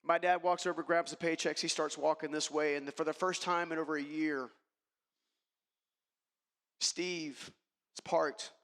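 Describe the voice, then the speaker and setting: High-voiced man giving a keynote in a hall. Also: little pitch movement, a little slow, long pauses, a bit bright. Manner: emphatic, addresses the audience directly. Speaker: keynote speaker. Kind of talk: motivational keynote storytelling. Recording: long reverb of a large hall.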